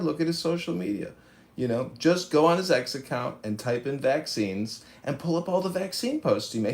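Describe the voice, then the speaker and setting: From his office, a man hosts a social audio room in a combative rant, brashly mocking his critics. His voice is a little high, expressive and gravelly at normal speed, with echoey room sound.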